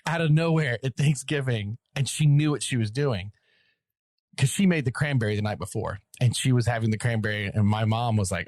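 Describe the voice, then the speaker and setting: Southern man, podcast co-host, animated storyteller, dry close mic, mid pitch. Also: moderate pace, dry recording. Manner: animated storyteller, laughs often, mimics voices. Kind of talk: casual chat.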